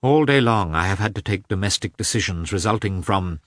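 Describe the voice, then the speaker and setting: A man voicing a humiliated, self-pitying official who speaks in a strained, high, shaky voice. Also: animated, a little fast, fairly bright tone, no room sound, studio quality. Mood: anguished. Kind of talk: audiobook character voice.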